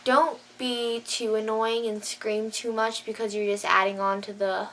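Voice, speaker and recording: A woman's voice: on the high side, level tone, a little slow, fairly bright tone, slight background noise. A woman vlogger chatting casually to camera, gushing and filling her talk with "like". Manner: gushing, says "like" a lot.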